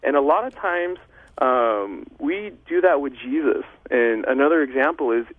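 A man's voice: mid-range voice, animated, normal speed, no echo. Young male guest over a thin phone line, earnest, emotional testimony. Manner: earnest and emotional, loose with fillers. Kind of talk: heartfelt faith testimony.

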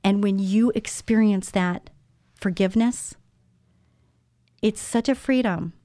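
A woman's voice: medium pitch, slow, pauses often, mellow, dry recording. A woman in her sixties hosting a Christian radio talk show, speaking earnestly and personally to her listeners. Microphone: studio microphone.

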